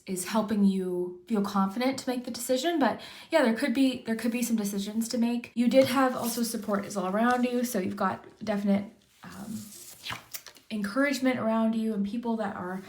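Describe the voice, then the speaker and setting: A woman giving a monthly tarot reading in a gentle, reassuring way, often repeating her encouragement. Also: a little high. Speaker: tarot reader.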